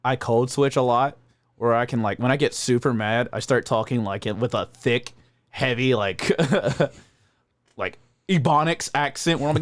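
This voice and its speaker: A man appearing as a guest on a casual podcast, talking in a profane, joking, animated way. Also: medium pitch, unhurried, no echo. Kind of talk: casual chat.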